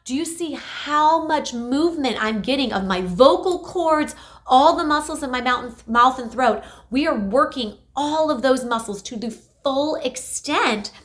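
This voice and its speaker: A woman speech therapist talks through exercises for patients, energetic and emphatic. Her voice sits a touch high and sounds bright and forceful. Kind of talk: instructional health video.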